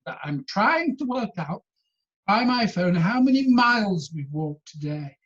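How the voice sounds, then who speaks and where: A man's voice: high voice, very animated, a little slow, a bit bright, muffled recording, voice pushed up, exaggerated voice. A man voicing an elderly husband who defends checking his phone. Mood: defensive.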